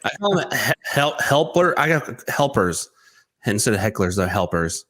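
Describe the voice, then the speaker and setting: Male comedian co-host, very lively pitch, eager trivia-sharer. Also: normal speed. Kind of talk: casual comedy chat.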